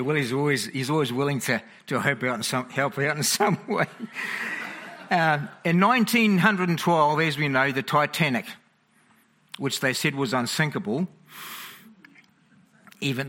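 A man preaching a sermon to a congregation, chatty and animated, checking in often with the listeners. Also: medium pitch, normal speed. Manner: chatty, animated, frequent "okay?" check-ins.

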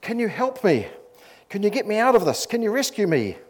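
A preacher doing a terrified tourist hanging over a canyon, his voice jumping up high and loud as he pleads and shouts for rescue. The fright is played broadly for a joke in a spoken story. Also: big pitch swings, fairly quick. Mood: panicked pleading. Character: panicky male tourist dangling over a cliff.

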